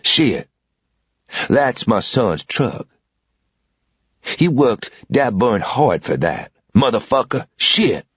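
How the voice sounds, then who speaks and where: A gruff old Southern man with a cool, slow drawl and a foul mouth, as a male narrator puts him on. His voice is pitched noticeably higher than the reader's own, and it sounds thinner and farther off. The audio is dull and lo-fi. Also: big pitch swings, dry recording, exaggerated voice. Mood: menacing. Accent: Southern American drawl. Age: 60s.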